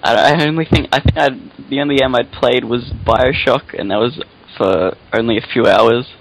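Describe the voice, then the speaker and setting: A man in a casual podcast chat with a middle-pitched voice. He speaks slowly and hesitantly. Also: gravelly, rough recording. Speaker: podcast co-host.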